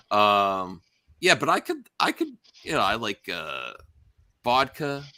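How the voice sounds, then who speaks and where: Lively, bright-voiced man chatting. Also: medium pitch, very slow. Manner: laughs often, rambling with restarts. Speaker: stream host. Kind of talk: casual group chat on a livestream.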